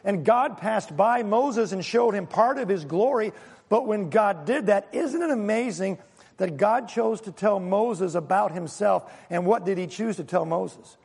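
Man, pastor, sermon, raspy gravelly voice, emphatic rhetorical questions. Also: high voice, lively intonation, unhurried, a little mellow, big-room sound.

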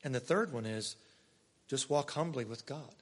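A pastor delivering a conversational sermon, swinging between loud emphasis and soft, quiet asides. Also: male voice, mid-range voice, moderate pace, slightly rough. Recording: long hall reverb.

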